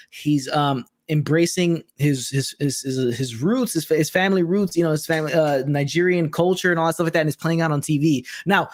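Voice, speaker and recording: A man hosting a casual podcast chat, rambling and often asking "right?". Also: a little high. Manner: rapid, rambling, asks "right?" a lot. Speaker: podcast host.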